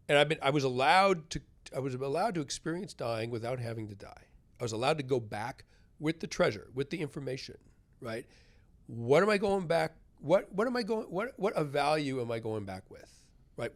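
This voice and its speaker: A middle-aged American man telling a story in an interview. He talks in a loose, conversational way and keeps checking in with the listener. His voice sits at an ordinary pitch, now hushed, now loud. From United States. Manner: conversational, tag questions, swings loud and soft. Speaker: guest author.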